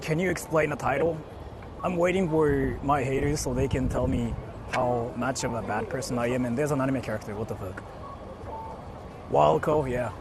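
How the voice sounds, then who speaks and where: A young guy streams live from an outdoor city street, reading out chat messages and rambling, leaning heavily on the word "like." He speaks at a normal speed in a medium pitch, with background noise picked up by his portable streaming mic.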